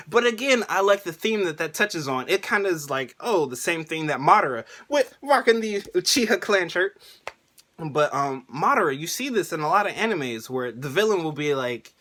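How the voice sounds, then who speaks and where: A man vlogging a casual, excitable anime review rant, laughing often and using slang. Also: a little high, moderate pace.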